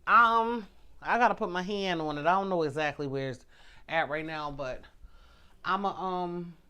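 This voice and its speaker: A woman's voice: on the low side, moderate pace, sharp tone, clear, resonant tone. A middle-aged woman hosts a casual livestream from home. She talks straight to her viewers, reads their comments aloud and thanks them by name. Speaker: livestream host.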